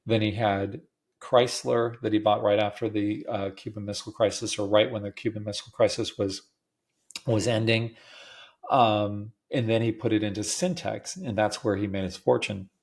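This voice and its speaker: Gravelly, rambling middle-aged man. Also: lowish voice, darkish tone. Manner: rambling, many fillers and restarts. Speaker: podcast host. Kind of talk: casual personal storytelling.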